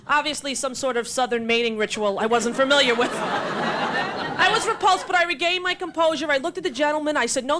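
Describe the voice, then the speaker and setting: A woman's voice: high voice, slight background noise. A woman with a New York accent doing brash, self-mocking stand-up comedy on stage. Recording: live club with loud crowd laughter.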